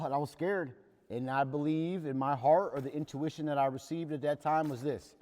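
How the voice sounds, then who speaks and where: A fairly high-voiced man leads a recovery workshop. He talks candidly and plainly, like he's sharing his own story with the group. His voice rings out with a long reverb in a big meeting hall. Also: brisk, mellow. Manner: earnest, plain-spoken storytelling.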